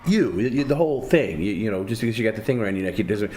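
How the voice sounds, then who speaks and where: A man's voice: fairly low pitch, lively intonation, racing, a little mellow. A man co-hosting a livestream, pushy and scolding, prodding the host on how to respond. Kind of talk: casual livestream talk.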